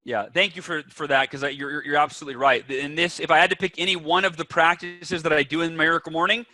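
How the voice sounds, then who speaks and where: A man's voice: a little high, fairly even intonation, fast, sharp tone, faint music behind. A man guest on a podcast, talking with energy and emphasis and acting out the voices in people's heads. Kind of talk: animated interview talk.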